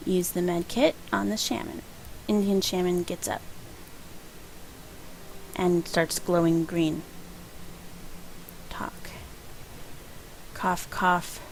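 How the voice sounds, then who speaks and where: A woman's voice: fairly low pitch, flat delivery, slow, creaky, long pauses, slight background noise, poor audio. A woman casually commenting on her video game playthrough in a chatty, rambling way, often laughing at her own jokes. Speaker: let's play host.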